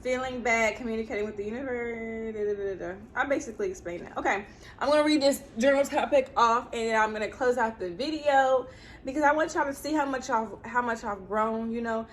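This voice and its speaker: Earnest young woman vlogger, slightly high voice. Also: fairly quick, a little hiss or hum. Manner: earnest, preachy advice to viewers. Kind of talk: casual spiritual vlog.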